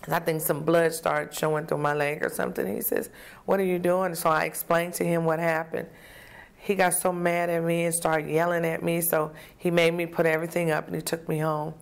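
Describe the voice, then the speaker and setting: Deep and gravelly, with little pitch movement, this woman's voice moves fairly quickly as she recounts her past to an interviewer. She tells it vividly, imitating the voices of those she quotes.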